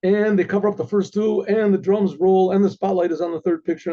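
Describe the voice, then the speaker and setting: A man, a rabbi, telling a story in a lively way and clearing his throat often. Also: sits high, fairly quick, muffled recording. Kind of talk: oral storytelling.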